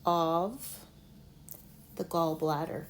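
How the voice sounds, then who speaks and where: A woman teaching an online lesson, slowly sounding out medical words syllable by syllable. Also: sits low, steady tone, slight background noise. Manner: slow, deliberate, sounds out syllables.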